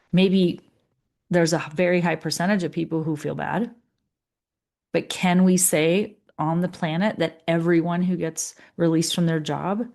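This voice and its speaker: This middle-aged leadership coach has a slightly low, somewhat mellow voice. Running a coaching session, she chats earnestly and drifts into impersonating her clients.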